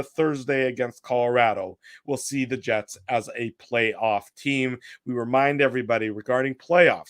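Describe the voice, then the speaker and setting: A man's voice: mid-range voice, dry recording, studio quality. A middle-aged man hosting a hockey post-game talk show, chatting casually and reading out quotes with asides. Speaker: podcast host.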